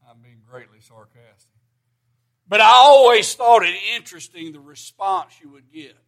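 A man's voice: sits high, lively intonation, normal speed, creaky, a bit bright. A middle-aged man preaching a sermon, folksy and plainspoken, rising to emphatic bursts.

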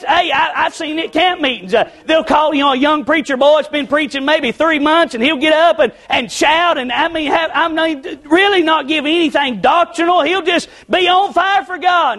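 A middle-aged man preaching a sermon, swinging between shouts and hushed pleading. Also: very high voice.

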